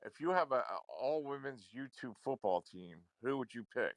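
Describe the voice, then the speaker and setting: A man's voice: medium pitch, lively intonation, normal speed, no echo. A man ranting into a livestream, confrontational and repetitive, swearing often. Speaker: livestream commentator.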